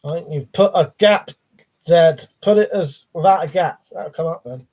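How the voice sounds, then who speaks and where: Casual man, slightly high voice. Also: normal speed, a little mellow. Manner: reads out viewer comments and chats back casually, swears freely. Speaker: livestream host. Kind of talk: casual live-chat stream. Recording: dull lo-fi stream audio.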